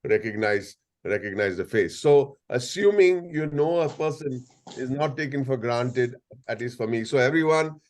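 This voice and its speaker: A man's voice: mid-range voice, animated, normal speed. Indian English man, 60s, playful storyteller speaking over a video call. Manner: playful, storytelling, jokes and asides. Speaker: guest speaker. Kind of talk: anecdotal talk to a video-call audience.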